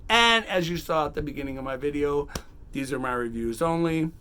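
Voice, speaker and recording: A man hosting a casual, unedited book review, chatty and animated, acting out bits of the story in quick quotes. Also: fairly high pitch, a little hiss or hum. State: has the hiccups. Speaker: book review channel host.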